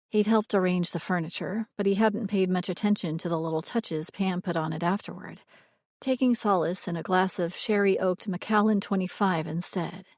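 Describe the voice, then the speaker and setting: A woman reading a romance audiobook in a measured, expressive way. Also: fairly low pitch, dry recording, clean studio sound. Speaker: audiobook narrator. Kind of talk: scripted romance narration.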